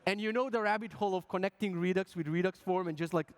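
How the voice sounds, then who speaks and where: High-voiced joking man giving a talk. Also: fast. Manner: joking, acts out quoted voices, swears casually. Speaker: conference speaker. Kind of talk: humorous conference talk.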